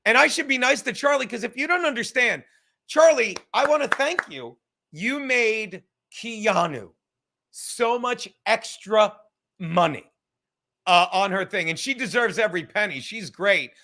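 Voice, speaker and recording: A man hosting a livestream podcast, rambling loudly and swearing as he reads chat comments. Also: high-pitched, lively intonation, unhurried, creaky. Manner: loud, rambling, profane, reading chat comments aloud. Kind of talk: casual chat.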